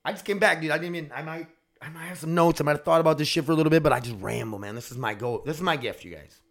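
A young man hosting his own solo podcast, talking in a loose, excitable, rambling way and swearing casually. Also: a little high, rapid-fire. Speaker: podcast host.

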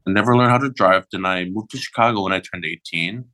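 A man in his thirties from Michigan, a drag performer chatting as a podcast guest, relaxed with many ums and laughs. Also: deep voice, fast talker, crowd noise. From Michigan, USA. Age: 30s. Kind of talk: casual podcast chat.

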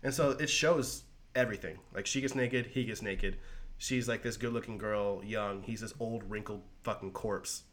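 A man co-hosting a casual podcast, excitedly retelling a comic plot in a rambling, profane way full of "like". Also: on the low side, moderate pace. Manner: rambling, profane, heavy use of "like". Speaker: podcast co-host.

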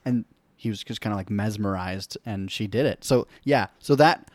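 A man in casual movie talk as co-host, excitable and quick to laugh. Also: on the low side, no echo.

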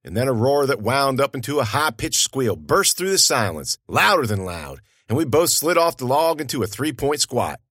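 A man's voice: mid-range voice, big pitch swings, normal speed, few pauses, fairly bright tone, no room sound, studio quality. A man narrating an audiobook in a folksy, conversational storytelling manner.

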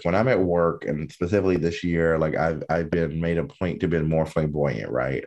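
A man co-hosting a podcast in casual chat, speaking in an expressive, campy and playful way. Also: rumbling low. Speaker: podcast co-host.

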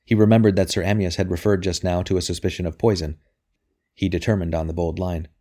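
A man narrating a novel as an audiobook reader, in a steady, even delivery. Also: deep voice, fast talker. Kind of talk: scripted narration.

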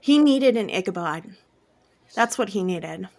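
A woman hosting a podcast in casual chat, expressive and gushing, with frequent exclamations. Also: medium pitch, a little slow. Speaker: podcast host.

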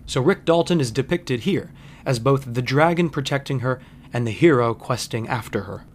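A man hosting a podcast, giving a wry, conversational film commentary monologue with frequent asides. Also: mid-range voice. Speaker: podcast host.

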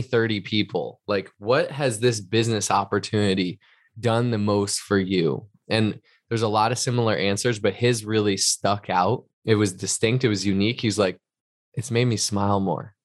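A man with a lowish voice co-hosts a podcast. He speaks earnestly and reflectively, encouraging his listeners. The sound is dry and close. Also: steady tone, moderate pace, no echo. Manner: earnest, reflective motivational talk. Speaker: podcast co-host. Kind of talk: casual chat.

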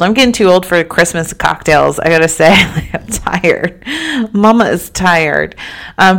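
A woman's voice: low voice, gravelly, a bit bright, smooth. A woman in her thirties hosting a casual solo podcast, tired and chatting in a rambling way that keeps interrupting itself. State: tired, yawning. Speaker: podcast host.

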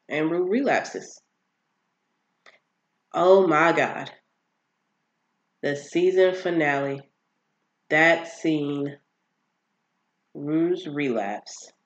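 A vlogger casually recapping a TV series, rambling with lots of fillers and acting out the characters' lines. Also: mid-range voice.

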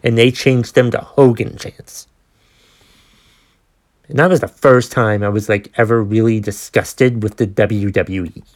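Ranting, profane man, low-pitched. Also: fairly even intonation, measured pace. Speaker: podcast host. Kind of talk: casual storytelling monologue.

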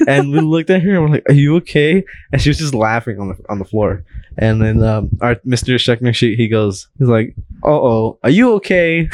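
A man's voice: medium pitch, no room sound. A young man hosting a podcast in casual chat, rambling through stories, swearing and laughing often. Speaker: podcast host.

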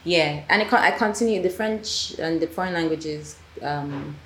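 A woman's voice: low-pitched, normal speed. A Nigerian woman, a filmmaker guest on a podcast, chatting casually and acting out the people she quotes. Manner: animated storyteller, acts out quotes. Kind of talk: casual conversational interview. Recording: echoey room, faint ambient noise.

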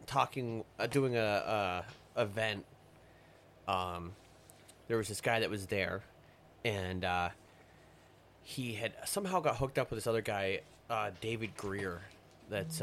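A man's voice: on the low side, slow, pauses often, fairly bright tone, slight background noise. A man telling a long story in a rambling, profane way during a casual podcast chat. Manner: rambling, profane, retells stories in quoted voices. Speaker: podcast guest.

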